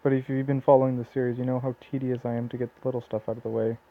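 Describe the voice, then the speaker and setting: A man's voice: mid-range voice, level tone, rapid-fire. A man with a Southern Ontario Canadian accent doing casual gameplay commentary, rambling with lots of fillers and restarts. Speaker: let's play commentator. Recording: tinny lo-fi phone-like mic.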